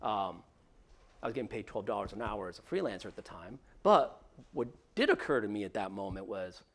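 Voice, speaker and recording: A man's voice: on the low side, expressive, fairly quick. A man as guest speaker at a workshop, telling a story in a casual way with many fillers and acted-out quoted dialogue.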